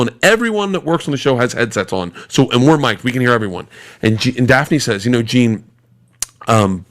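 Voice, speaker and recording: A man in his forties, a podcast guest, tells a rapid, swear-filled anecdote in casual conversation. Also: on the low side. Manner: animated, profane, rapid-fire storytelling.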